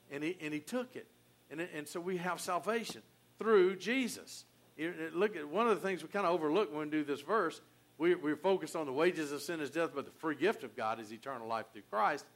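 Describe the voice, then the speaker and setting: An older man preaching a sermon in an earnest, folksy way, often restarting his sentences and swinging from quiet to loud. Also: high-pitched, a little fast. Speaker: pastor.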